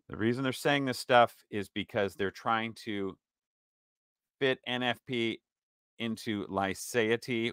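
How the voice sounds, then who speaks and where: A man commenting on a recorded lecture, pausing it to argue and rebut point by point. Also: on the low side, bright, forceful tone, clean tone, no echo, studio quality. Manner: argumentative, interjecting, pausing and rebutting. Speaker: commentator reacting to a clip. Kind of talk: casual commentary.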